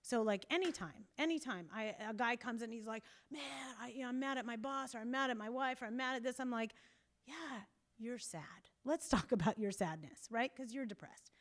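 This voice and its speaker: A woman couples therapist talks to a group at a church meeting. She is animated and emphatic, acts out quotes and laughs now and then. Her voice sits a little high. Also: fast, hardly any pauses. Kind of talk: casual talk to a group.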